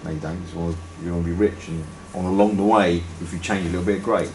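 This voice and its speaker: Deep-voiced man in group discussion. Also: fairly even intonation, fast talker, a loud crowd. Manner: rambling, wry, plain-spoken. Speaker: audience member. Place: meeting room. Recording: echoey room, noisy.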